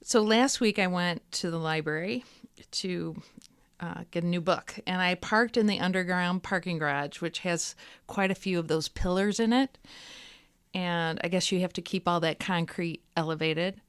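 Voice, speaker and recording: A woman hosting a podcast interview, asking questions gently and encouragingly and telling a story of her own. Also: lowish voice, moderate pace, clean tone. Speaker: podcast host.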